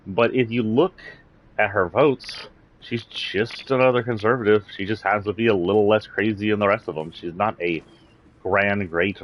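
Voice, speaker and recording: A man's voice: lowish voice, lo-fi sound, slight background noise. A man from Texas with a slight Southern accent, ranting bluntly and indignantly on a livestream. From San Antonio, Texas. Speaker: streamer. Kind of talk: political rant on a livestream.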